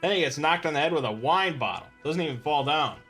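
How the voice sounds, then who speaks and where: A man hosting a let's play, reading game text aloud and switching into gruff shouted character lines. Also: on the high side, animated, fairly quick, soft background music.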